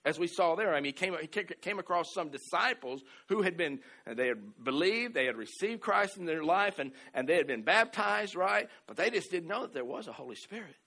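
A middle-aged man from the American South preaching a sermon, telling a story with many restarts and repeated words, swinging from loud exclamations to soft asides. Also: high voice, expressive, brisk, few pauses, slightly rough. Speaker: pastor.

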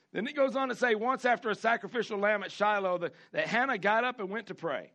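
A male pastor delivering a sermon with a high, bright voice and a gravelly edge. He talks fervently, circling back to key phrases and pressing them home. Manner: preaching with rising fervor, animated, repeats phrases.

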